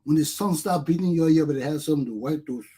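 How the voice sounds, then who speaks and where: Husky Liberian man ranting. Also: on the high side, quick pace, dark tone. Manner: impassioned, bitter laughter, outbursts. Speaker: commentator. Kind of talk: ranting solo commentary.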